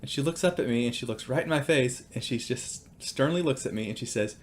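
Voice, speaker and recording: A man's voice: medium pitch, fairly quick, slight background noise. Casual, hesitant man giving devotional teaching. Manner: casual and hesitant, with many ums and uhs. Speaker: Christian teacher and father. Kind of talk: devotional teaching with personal stories.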